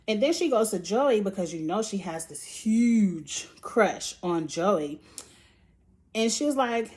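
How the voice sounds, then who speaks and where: A woman's voice: mid-range voice, expressive, a little slow, darkish tone. A woman hosting a casual recap vlog, blunt and profane with lots of slang, animatedly acting out quotes. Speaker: show reviewer and channel host.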